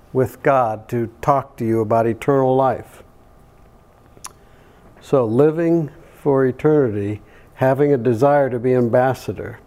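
Older male preacher, unhurried storytelling sermon with soft chuckles, mid-range voice. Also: mid-range voice. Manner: homely anecdotes with frequent soft chuckles.

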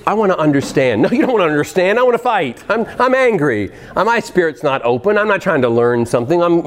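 Man, middle-aged, sermon, earnest, animated, slightly high voice. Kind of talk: sermon on parenting.

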